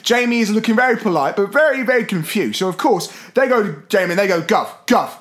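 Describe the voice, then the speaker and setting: A young man in his twenties co-hosts a comedy podcast, talking fast and hopping between jokes and tangents. His voice sits high for a man. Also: lively intonation, fairly bright tone. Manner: fast, joking, tangent-prone. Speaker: podcast co-host. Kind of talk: casual comedy chat.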